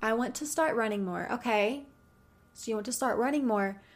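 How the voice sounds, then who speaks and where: Woman, friendly coach type, slightly higher voice, conversational advice talk full of questions to the listener. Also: moderate pace. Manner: chatty, addresses listener directly with many rhetorical questions. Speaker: goal-setting coach. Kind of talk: casual advice monologue.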